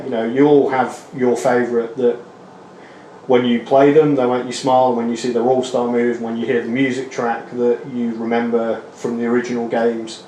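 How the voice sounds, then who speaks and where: A man's voice: mid-range voice, flat delivery, moderate pace, mellow. Enthusiastic man in an echoey interview clip. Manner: enthusiastic, many fillers. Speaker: game developer interviewee. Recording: echoey room with faint noise.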